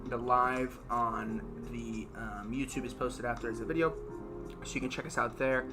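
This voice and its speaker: A man's voice: medium pitch, fairly even intonation, normal speed, over music. A man co-hosting a casual couple's chat, telling stories and laughing often. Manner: chatty storyteller, laughs often. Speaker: co-host.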